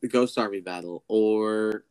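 A man's voice: fairly low pitch, measured pace, a little mellow, smooth. A man co-hosting a casual film discussion podcast, joking and swearing as he wraps up the episode. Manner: joking, profane, wraps up the show. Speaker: podcast co-host.

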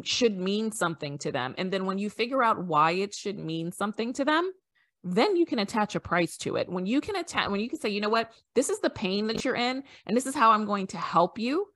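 A woman who coaches wedding businesses on sales, telling stories as a podcast guest and acting out the dialogue in them. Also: mid-range voice. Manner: animated storytelling, acting out quoted dialogue.

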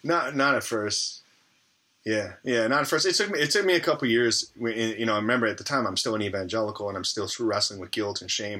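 A man speaks as an interview guest in a low, husky voice with a forceful edge. He tells a candid personal story in a rambling way, leaning on fillers and restarting his sentences.

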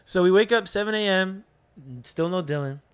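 A man with a somewhat high voice tells a story in casual podcast chat. He is animated and swears freely, and he slips into his friends' voices as he acts out what they said. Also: moderate pace, smooth. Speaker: podcast co-host.

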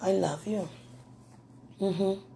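A woman rambling through a personal message to a man, gushing and giggling often, with a slight lingering throat-clearing. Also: mid-range voice, steady tone, drawn-out words, warm tone, slight background noise. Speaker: admirer speaking to a man on video.

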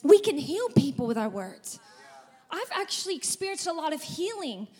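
A woman pastor preaching a sermon to a congregation in a church, with energetic, emphatic delivery and repeated phrases. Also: sits high, moderate pace. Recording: reverberant church hall.

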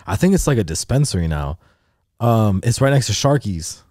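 A man in his twenties, a podcast host, telling a profane, animated story in casual chat and acting out the people in it. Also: on the low side, normal speed, no echo, clean studio sound.

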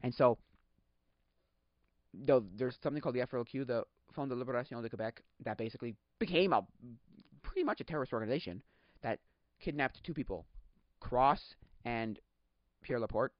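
A man's voice: medium pitch, brisk, pauses often, dry recording. A young man from Quebec chatting casually as a podcast host, rambling and correcting himself, with bursts of exasperated ranting. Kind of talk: casual chat. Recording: dull lo-fi sound.

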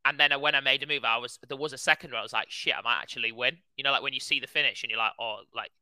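A young man recounts a race to his podcast co-hosts, full of loose filler words and excited asides. His voice is strikingly bright and clean, and the close mic leaves almost no room sound. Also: medium pitch, racing, clear, resonant tone, no echo, low-quality recording. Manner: animated storytelling, heavy use of "like". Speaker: podcast co-host, runner. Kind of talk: casual chat.

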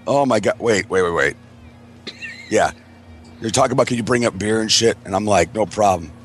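A man's voice: fairly low pitch, brisk, faint music behind. A man telling a rambling, profane story in casual chat, acting out the quotes of everyone involved. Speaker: podcast co-host.

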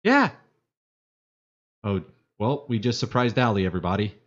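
A man's voice: on the low side, sing-song, normal speed. A man co-hosting a casual podcast chat, rambling and playful, who hums and fills time when left alone. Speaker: podcast co-host. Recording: dull lo-fi sound.

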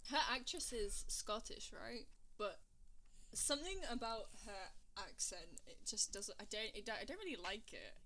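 A woman's voice: mid-range voice, very animated, moderate pace, sharp tone, slight background noise. A young British woman hosting a casual podcast chat, talking with many fillers and laughing often. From Britain. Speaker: podcast host.

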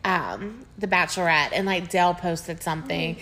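A woman's voice: lowish voice, a bit bright, slight background noise. Woman, podcast co-host, casual chat, chatty, gushing. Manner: chatty, gushing, quick to laugh.

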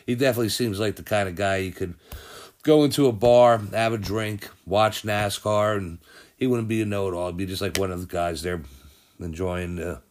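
A man's voice: on the low side, fairly even intonation, normal speed. A man hosting a casual sports podcast, rambling and thinking aloud as he goes through results and news, often correcting himself. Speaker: podcast host.

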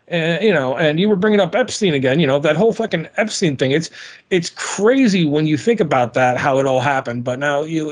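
A man hosting a podcast in casual chat, ranting with lots of swearing and speaking to listeners as folks. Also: a little high. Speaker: podcast host.

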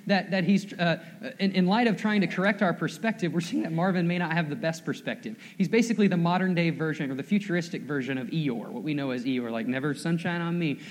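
A man preaching in a relaxed, chatty way, stumbling over and repeating words as he talks to his congregation. His voice sits a little high for a man, and a long reverb from the church hall trails after every line. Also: fast talker, hardly any pauses. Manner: conversational, self-deprecating, repeats words. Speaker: pastor. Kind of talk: sermon. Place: church sanctuary.

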